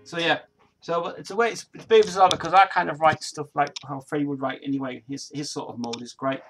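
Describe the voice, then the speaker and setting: A man's voice: fairly high pitch, creaky, a bit bright, a little hiss or hum. A man in his forties from Nottingham with an East Midlands accent, rambling through a casual livestream chat with lots of restarts and fillers. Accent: East Midlands English. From Nottingham, England. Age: 40s. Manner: rambling, many restarts and fillers, laughs often. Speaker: livestream host. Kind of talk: casual chat reading viewer comments.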